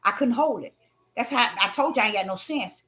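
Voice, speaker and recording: A woman hosting a spiritual talk, telling stories in an animated, emphatic way that swings between loud and hushed. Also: on the high side, fairly quick. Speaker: host.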